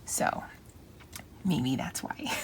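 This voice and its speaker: A middle-aged woman chatting softly and often half-whispering as she decorates her planner, with a Valley Girl lilt. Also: fairly low pitch, gravelly, slight background noise. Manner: soft, often half-whispered, self-deprecating. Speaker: planner vlogger. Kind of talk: casual crafting chat.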